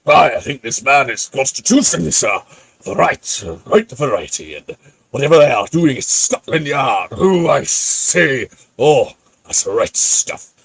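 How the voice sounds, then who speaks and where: A grandly pompous Victorian theatre showman holds forth in an overblown posh English accent, as a man puts him on. His speech rolls with lively, swinging pitch. The voice sits close and dry. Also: measured pace, creaky, husky, dry recording, exaggerated voice, rough recording. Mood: blustering. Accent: put-on posh English. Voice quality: blustery, puffed-up. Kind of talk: comic impression on a livestream.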